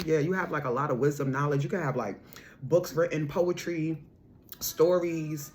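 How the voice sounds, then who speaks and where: A woman with a low-sitting voice does a casual spiritual card reading for her viewers at normal speed, with slight background noise. She repeats her points for emphasis and calls the listener boo and honey, bursting into loud laughter and a raised voice when excited.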